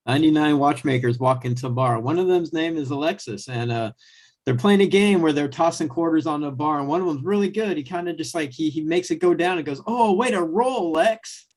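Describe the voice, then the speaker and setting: A man telling pun jokes in an improv round over a video call. He talks in a casual, slightly apologetic way, his voice sitting a little high. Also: quick pace, a little mellow. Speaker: improv player.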